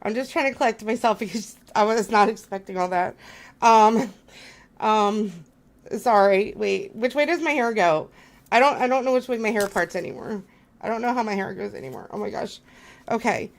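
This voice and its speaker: A woman's voice: medium pitch, expressive, normal speed. A woman hosting a live stream, gushing and flustered as she thanks her viewers.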